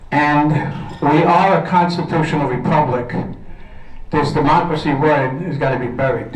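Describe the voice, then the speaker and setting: A man's voice: on the high side, moderate pace. A man with a Brooklyn accent, out of breath, giving a blunt, rambling speech to a crowd and laughing often. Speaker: speaker at a political social. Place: event hall. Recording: echoey room, from far off.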